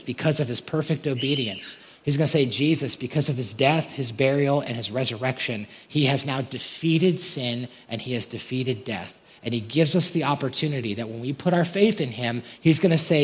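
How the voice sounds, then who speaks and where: A male pastor preaches with lively, animated delivery. He talks straight to his congregation with frequent questions and lifts his voice sharply on quoted verses. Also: mid-range voice, long reverb tail. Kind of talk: sermon.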